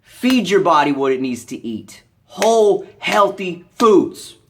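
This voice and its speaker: An American vlogger delivering an angry rant to the camera, blunt and profane, scolding the viewer with bursts of shouting. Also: mid-range voice, expressive, slow, a little hiss or hum.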